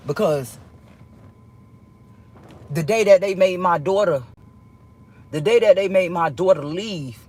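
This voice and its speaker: A woman's voice: on the low side, a little mellow, husky. A woman talking straight to her viewers, telling a heated story with plenty of swearing and repeating lines for emphasis. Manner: swears freely. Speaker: vlogger.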